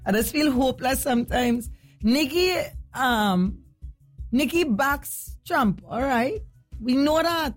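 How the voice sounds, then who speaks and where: A woman from Trinidad and Tobago with a Trinidadian accent, hosting a casual talk radio show in an animated, chatty way and slipping into local dialect. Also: high voice, slow, soft background music. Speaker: radio host.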